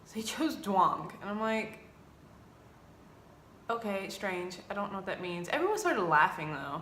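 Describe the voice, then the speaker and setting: A woman's voice: medium pitch, unhurried, long pauses. Young woman telling funny teaching stories, doing little voices for her students, roomy echo, a bit of hiss. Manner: animated, acts out students' lines in quoted voices. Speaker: English teacher in China. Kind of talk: casual vlog storytelling.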